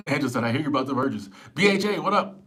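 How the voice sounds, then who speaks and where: A relaxed middle-aged man chats through a livestream at a mid pitch. He sounds easygoing and laughs often, tripping over repeated words as he reacts to comments. Faint background noise sits under his clip-on mic. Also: fast talker. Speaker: livestream host. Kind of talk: casual livestream chat reading viewer comments. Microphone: small clip-on wireless mic.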